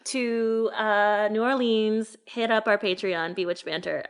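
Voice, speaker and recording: A woman's voice: mid-range voice, steady tone, measured pace, clear, resonant tone. A woman co-hosting a podcast in casual chat, swearing casually and laughing often. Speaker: podcast co-host.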